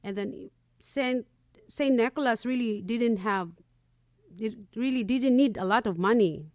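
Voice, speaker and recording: A woman's voice: on the high side, a little slow, a little mellow, no echo, clean studio sound. A woman from the Philippines co-hosting a community radio show, reading a prepared segment and listing items one by one. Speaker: radio co-host.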